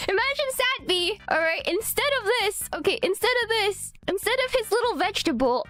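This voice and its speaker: A woman streamer telling a story in casual chat, laughing often, swearing freely and repeating herself excitedly. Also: very high voice, moderate pace.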